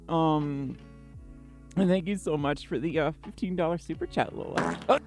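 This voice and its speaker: A woman's voice: low voice, unhurried, music in the background. A woman hosting a casual livestream, chatting with viewers and reading their messages in a tired, scattered way, laughing often. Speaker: livestream host.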